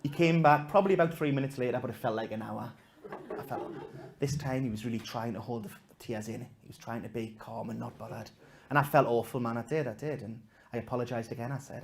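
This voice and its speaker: A man doing stand-up comedy, telling a story to a live audience in a self-mocking way, swinging from loud punchlines to hushed asides. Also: medium pitch, fairly even intonation, quick pace, creaky, noisy background.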